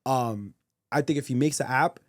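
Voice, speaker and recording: Podcast co-host, male, middle pitch, blunt and emphatic, casual slang, dry room. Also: moderate pace, no room sound. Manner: blunt, emphatic, profane opinions.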